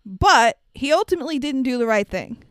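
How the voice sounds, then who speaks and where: A woman casually recapping a film with a co-host, animated and swearing, acting out the lines she quotes. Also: sits high, fairly quick, clean tone, no echo, clean studio sound.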